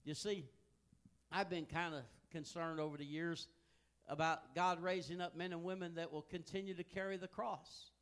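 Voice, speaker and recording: An older man preaching a sermon, telling folksy family stories that swing from hushed asides to loud, emphatic peaks. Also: fairly high pitch, steady tone, moderate pace. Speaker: pastor.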